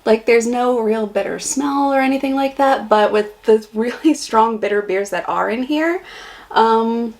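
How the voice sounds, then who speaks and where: A woman's voice: on the high side, unhurried. A young American woman vlogging a casual beer taste test, chatty and blunt in her reactions. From United States.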